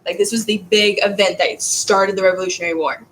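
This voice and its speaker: A woman's voice: medium pitch, steady tone, quick pace, fairly bright tone, a little hiss or hum, rough recording. A woman teaching a history class in a casual, rambling way, stumbling over words and restarting.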